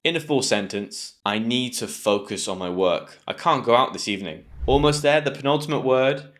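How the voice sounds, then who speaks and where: A man with a British accent giving an online English pronunciation lesson, patient and clear, slowing down to drill each sound. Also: mid-range voice, animated, a bit bright.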